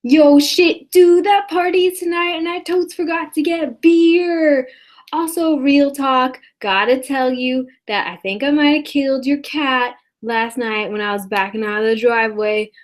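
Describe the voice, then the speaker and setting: A woman's voice: high voice, steady tone, measured pace, pitched above the performer's own voice. A woman putting on the voice of a careless young bro reading out his own text message, slangy and offhand. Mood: breezy. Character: careless bro texter, young man, breezy.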